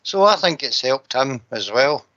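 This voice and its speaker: Man with a bright, forceful voice. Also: medium pitch, animated, a little slow. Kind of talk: casual football chat. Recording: dull lo-fi broadcast audio.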